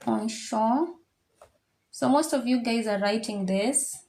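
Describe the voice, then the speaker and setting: Female French teacher, slow measured delivery, repeats phrases for students. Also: fairly high pitch, gravelly, darkish tone. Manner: drills pronunciations by repeating words slowly. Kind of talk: classroom language lesson. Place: classroom with students.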